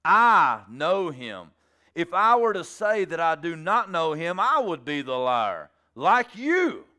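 A man preaching and voicing Jesus as a calm teacher who speaks slowly and with a cutting edge. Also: a little high, full character voice. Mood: solemn. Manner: slow, deliberate, pointed.

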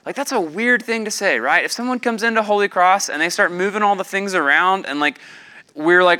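Animated bright-voiced male pastor. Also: high voice, brisk. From Southeastern US. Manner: conversational, animated, acts out quoted voices. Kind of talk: sermon.

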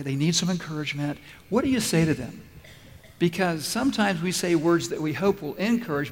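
A man preaching a sermon as pastor, emphatic and repeating key phrases slowly for weight. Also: on the high side. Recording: long reverb of a large hall.

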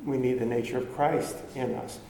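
Preacher guy, mellow voice, talks the sermon through kinda conversational, lots of echo. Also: mid-range voice, steady tone, normal speed, slight background noise. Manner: earnest, conversational preaching with restarts and quoted voices. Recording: echoey hall with faint ambience.

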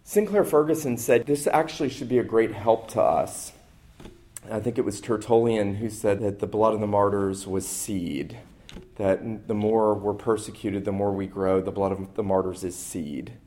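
A man's voice: fairly low pitch, steady tone, warm tone. Emphatic male preacher. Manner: emphatic, rising on key phrases, slowing to stress quotes. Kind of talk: sermon.

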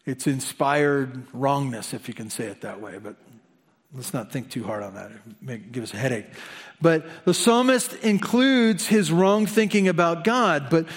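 A man preaching a sermon as pastor, animated and conversational, with humorous asides. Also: medium pitch, normal speed.

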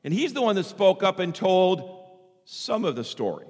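A man's voice: sits high, moderate pace. Preaching man in a reverberant hall. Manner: animated preaching, acts out quoted voices. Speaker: pastor. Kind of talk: sermon.

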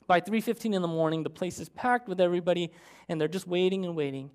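A preacher telling a story in a sermon, with animated, dramatic storytelling. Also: medium pitch, quick pace.

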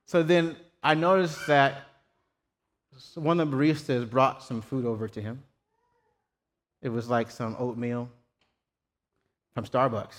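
A man's voice: mid-range voice, steady tone, unhurried, long pauses. A man preaching a sermon, telling a personal story in a casual, self-deprecating way. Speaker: pastor. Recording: long hall reverb.

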